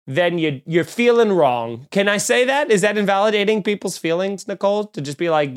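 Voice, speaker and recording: A man's voice: high-pitched, animated, moderate pace, few pauses, smooth. A young man co-hosting a casual comedic chat, riffing sarcastically and animatedly with profanity and mock voices. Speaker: podcast co-host.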